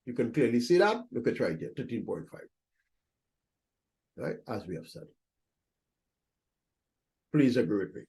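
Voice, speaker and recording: A man's voice: mid-range voice, sing-song, unhurried, creaky, pauses often, darkish tone. A man teaching accounting in a recorded lecture, talking students through entries step by step, repeating his points and checking in with "right?". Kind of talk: screen-recorded lecture walkthrough.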